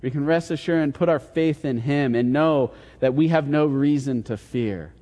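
A man's voice: on the high side, moderate pace, dark tone. Man preaching in a reverberant hall. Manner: conversational, retells scenes in quoted dialogue. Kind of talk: casual sermon with Bible storytelling. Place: church hall. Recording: long reverb in a large hall.

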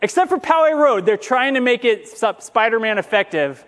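A man with a strikingly high voice preaches a sermon in a loose, conversational way, full of jokes and asides. He slows down and lifts his voice when he reads scripture aloud. The sound carries a long reverb, as if it were recorded in a large sanctuary. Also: big pitch swings, a bit bright. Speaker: pastor.

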